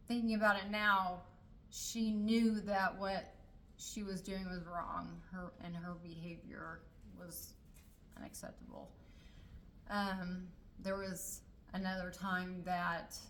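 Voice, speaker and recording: Middle-aged woman talking it through, lots of ums, lowish flat voice. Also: slight background noise, rough recording. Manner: hesitant, many fillers and restarts. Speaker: storyteller sharing a personal family story. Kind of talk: casual personal storytelling.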